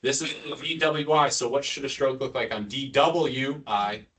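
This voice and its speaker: A man's voice: mid-range voice, moderate pace, fairly bright tone. A man giving a casual, joking neurosurgery lecture to nurses, quizzing the room and tossing in asides. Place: hospital lecture room with an audience. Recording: distant mic, audience murmur.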